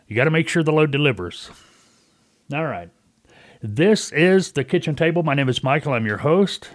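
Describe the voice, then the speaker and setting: A middle-aged radio host delivers a casual talk-radio monologue in a folksy, storytelling way, acting out callers in quotes. His voice is a little high and animated at a moderate pace, recorded dry on a close mic.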